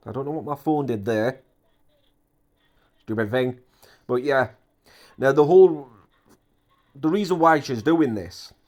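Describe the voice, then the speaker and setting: A man's voice: mid-range voice, a little mellow. A man giving indignant, repetitive ranting commentary on an online drama.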